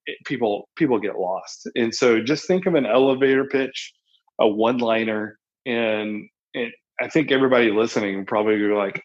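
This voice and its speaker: A man's voice: lowish voice, moderate pace, dull audio. A man on a podcast, chatting casually and telling stories with lots of fillers and restarts. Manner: rambling, animated storytelling with many fillers.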